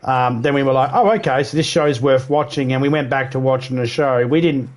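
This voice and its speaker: An Australian man with a medium-pitched voice livestreams, talking a little fast. He chats casually and ramblingly with viewers, swearing freely and mimicking accents.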